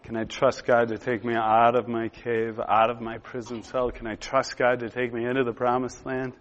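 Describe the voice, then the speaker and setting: A man in his thirties preaches to a gathered room, drifting into a personal story. He speaks in a mid-range voice, casual and halting, full of fillers and restarts. The recording sounds dull and lo-fi. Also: medium pitch, completely flat delivery. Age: 30s. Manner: conversational storytelling with frequent "uh" and "and".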